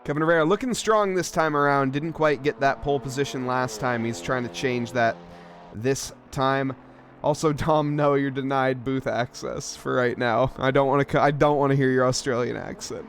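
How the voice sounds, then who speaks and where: A man's voice: medium pitch, fairly even intonation, moderate pace, slight background noise. A man giving live play-by-play for a sim racing stream, joking and bantering with chat between race updates.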